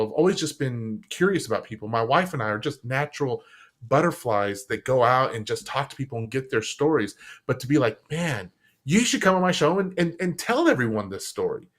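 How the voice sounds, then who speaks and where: A man, a guest on a live stream show, chatting casually and acting out the quotes in his stories. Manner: animated storyteller, acts out quotes with big pitch jumps. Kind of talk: casual interview chat. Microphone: live stream setup.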